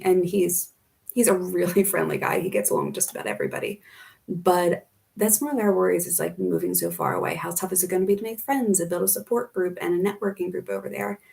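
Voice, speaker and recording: A woman's voice: lowish voice, creaky, darkish tone. A young American woman from the Philadelphia area living in Australia, chatting casually while she answers viewer questions in a live stream. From United States, Philadelphia area. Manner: chatty, reads out viewer comments and answers them.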